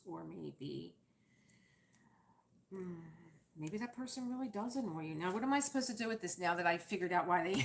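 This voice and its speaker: A woman's voice: lowish voice, creaky, a little hiss or hum. A woman chatting casually and at length as she works on a craft project during her livestream, rambling and laughing often. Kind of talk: casual chat while crafting.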